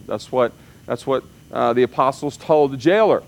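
A man preaching a sermon in a conversational way, often checking in with the congregation and acting out quoted voices. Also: moderate pace. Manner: conversational, frequent "okay?" check-ins; acts out quoted voices with sudden pitch jumps. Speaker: pastor.

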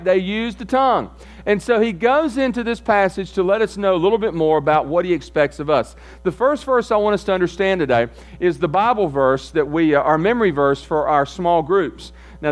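A man as pastor giving a conversational sermon, often asking the congregation questions. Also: high-pitched. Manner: conversational, asks the audience questions.

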